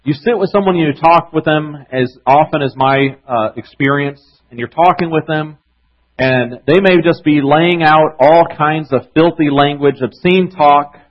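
A man's voice: fairly high pitch, a little slow, dull audio. A man preaching a sermon as a pastor, earnest and conversational, with frequent restarts.

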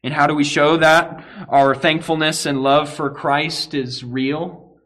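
A man preaching a sermon to his congregation, earnest, swelling at key points and dropping to a quiet, low emphasis. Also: fairly even intonation, slow. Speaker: pastor.

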